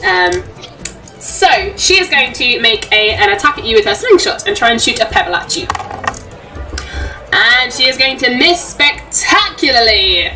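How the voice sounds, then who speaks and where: A bright, lively woman runs a tabletop game as game master, giggling and umming as she narrates. Her voice swings widely in pitch and sounds a little distant from the mic, with faint music playing behind. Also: moderate pace. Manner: giggly, lots of ums, puts on shrill crowd voices.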